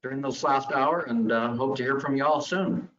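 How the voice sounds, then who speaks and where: A man of medium pitch explains insurance details to a webinar audience in a steady, explanatory way. The sound is somewhat dull and lo-fi, like call audio. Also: moderate pace. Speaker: guest insurance expert, regional vice president. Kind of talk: answering questions in a webinar.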